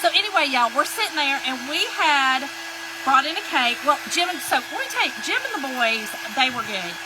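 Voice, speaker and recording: A woman's voice: high voice, very animated, brisk. A woman, telling a folksy story in a chatty way while she crafts and greets viewers during a live stream. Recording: hair dryer noise in background.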